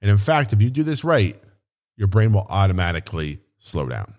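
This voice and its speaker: Lively, low-voiced male podcast host. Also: brisk. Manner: animated, emphatic, casually profane. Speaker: podcast host and business coach. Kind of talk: motivational podcast monologue.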